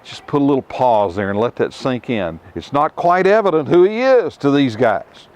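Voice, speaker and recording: Middle-aged guy teaching a bible lesson to a tour group outside, emphatic, asks questions then pauses. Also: medium pitch, big pitch swings, a little mellow. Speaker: tour guide teaching scripture. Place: outdoors at ruins.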